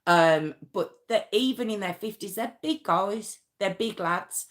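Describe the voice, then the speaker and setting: A woman hosting her own channel, retelling a true-crime story in a casual, emotional and halting way, with many restarts and pauses. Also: medium pitch.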